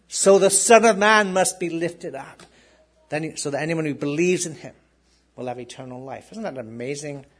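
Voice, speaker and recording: Guy preaching, kinda high husky voice, goes loud on the verses then drops real quiet. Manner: swings from loud reading to soft asides, repeats words. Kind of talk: sermon with scripture reading.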